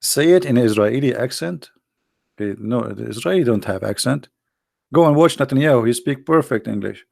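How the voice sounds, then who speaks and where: Sarcastic man with a gravelly voice. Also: mid-range voice, lively intonation, normal speed, a little mellow. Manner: sarcastic and mocking, with rhetorical questions. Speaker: host of a livestream. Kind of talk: casual polemical talk to a live chat.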